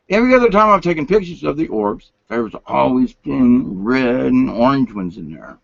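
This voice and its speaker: An older man vlogs a rambling, late-night monologue from a home room with the lights turned down, folksy and meandering and sometimes dropping to whispers. His voice is medium-pitched with no echo, and the recording has a dull lo-fi sound.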